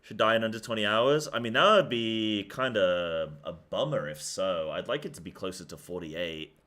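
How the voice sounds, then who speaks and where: A man's voice: lowish voice, expressive, moderate pace, sharp tone. A young man streaming, chatting casually about a game and rambling in loose, filler-heavy sentences. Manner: talks in loose run-on thoughts with many fillers.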